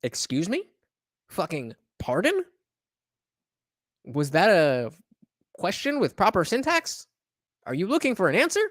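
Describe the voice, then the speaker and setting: Sarcastic man with a lively, swooping voice. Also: sits high, a little slow, pauses often, no echo, clean studio sound. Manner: mocking, sarcastic, mimics the people he reacts to. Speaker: commentator reacting to podcast clips. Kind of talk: sarcastic reaction stream commentary.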